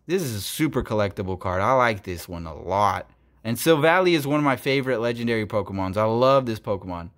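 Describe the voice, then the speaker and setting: A man hosting a casual card-opening video, excitable, swinging from quiet muttering to loud bursts, his voice going hoarse. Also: mid-range voice. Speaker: YouTube host opening trading cards.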